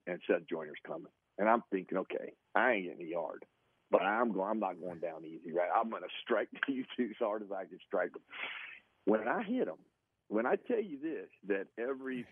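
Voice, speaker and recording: A man, a former football player, telling an animated story as a guest, often laughing as he talks. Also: low voice, slightly rough, no echo, narrow, tinny audio. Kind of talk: casual storytelling.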